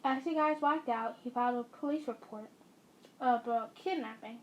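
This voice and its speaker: Casual high-voiced woman storyteller. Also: moderate pace, lo-fi sound. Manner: casual, chatty narration with acted voices. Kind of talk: second-person story narration.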